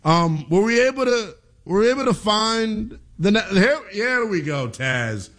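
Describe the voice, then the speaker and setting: A man's voice: sits high, normal speed, fairly bright tone. A man hosting a sports talk radio show, brash and joking, with showman announcements.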